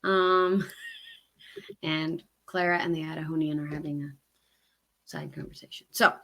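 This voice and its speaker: Chatty Southern woman, bright voice. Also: deep voice, steady tone, a little slow. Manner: chatty, rambling, with frequent ums and laughs. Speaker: co-host of a hiking livestream. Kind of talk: casual live-stream chat.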